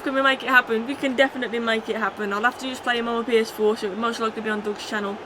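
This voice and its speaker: A woman hosts a live stream of a football video game. Her voice is bright and forceful. She chats casually with her viewers and yells at the match when it turns exciting. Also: fairly high pitch, very fast, few pauses, a little hiss or hum. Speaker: gaming streamer. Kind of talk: live game commentary and chat reading.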